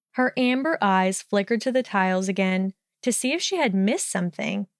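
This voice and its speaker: A woman narrating a story in an even, measured reading voice. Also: mid-range voice, no room sound, clean studio sound.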